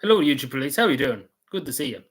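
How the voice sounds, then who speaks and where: A vlogger from Ireland with a Cavan accent chats casually to his livestream viewers, rambling with lots of restarts and fillers. His medium-pitched voice is husky, very animated, and rapid-fire.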